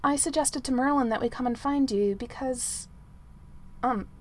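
A woman's voice: high voice, moderate pace, a little hiss or hum, close to an everyday voice. A woman reading aloud, voicing a nervous, polite young male knight who speaks hesitantly.

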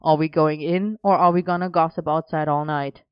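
Woman doing matter-of-fact young man, dry delivery, smooth voice, lowish pitch. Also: steady tone, normal speed, dry recording, dull audio, close to an everyday voice.

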